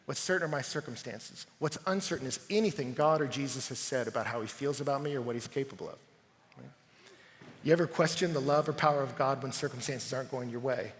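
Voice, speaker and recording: A man preaching a sermon to a large crowd, swinging from hushed, slow lines to shouting. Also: on the high side. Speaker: pastor. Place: large arena. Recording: live arena with long reverb.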